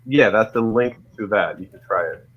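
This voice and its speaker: A man co-hosting a podcast in casual chat on a headset, eager and excitable. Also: on the low side, moderate pace, dull audio, a little hiss or hum. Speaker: podcast co-host. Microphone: headset on a voice call.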